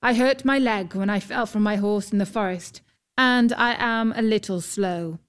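A woman's voice: mid-range voice, normal speed, clean tone, natural voice. A woman voicing a tired, courteous young knight who speaks apologetically.

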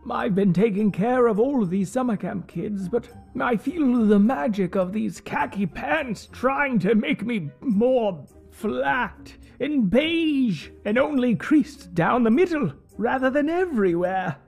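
A fretful old tap-dancing wizard, as a performer puts him on, frets in an earnest voice with a lively, swooping pitch. Faint music plays beneath this comedy audio story. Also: slow, creaky, long pauses, slightly rough, heavily acted. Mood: pleading. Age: older.

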